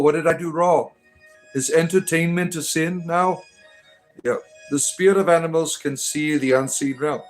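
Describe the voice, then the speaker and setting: Joking man chatting on a livestream. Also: fairly high pitch. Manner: joking, answers chat messages, often adds "right?". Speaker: livestream host reading chat. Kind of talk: casual livestream chat.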